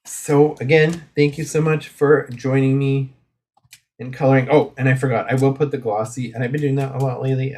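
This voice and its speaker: Casting male craft streamer, mid-pitched, rambling and chatty, casual live talk. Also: darkish tone. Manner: rambling and chatty, with many fillers and asides.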